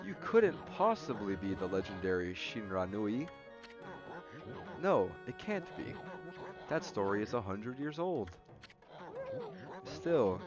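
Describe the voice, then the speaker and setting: A man reading a fussy elderly village elder from a video game aloud, in a raised voice with chanting calls. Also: lo-fi sound. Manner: raised pitch, chanting "hoi" sounds.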